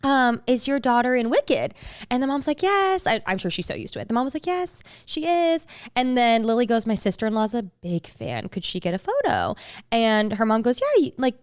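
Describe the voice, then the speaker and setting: A young woman co-hosting a casual podcast chat, telling a story with lots of excitement and acting out the voices of people she quotes. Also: a little high, a little fast, clean tone, no room sound, clean studio sound. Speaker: podcast co-host.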